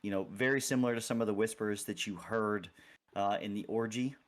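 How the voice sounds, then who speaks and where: A man's voice: on the low side, fairly even intonation, brisk. A man narrating as game master, describing scenes loosely with many fillers. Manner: rambling, filler-heavy description.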